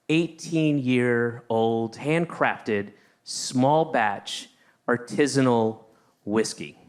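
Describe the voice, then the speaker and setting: A man's voice: mid-range voice, fairly bright tone. A man doing stand-up comedy on a stage, chatting with the crowd in a sardonic, teasing way. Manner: sardonic, conversational, teasing the audience. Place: comedy stage in New York.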